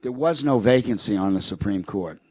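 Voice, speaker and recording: A man's voice: fairly low pitch, animated, normal speed, dark tone, husky, dry recording. An older man telling anecdotes as a guest in a public conversation, with frequent restarts and quoted remarks. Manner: rambling anecdotes with restarts, quoting a president.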